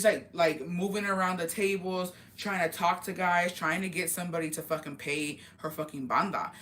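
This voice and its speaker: Bright-voiced woman spilling heated gossip. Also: lowish voice. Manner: profane, heated, rapid retelling. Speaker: vlogger telling a story. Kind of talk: casual gossip storytelling.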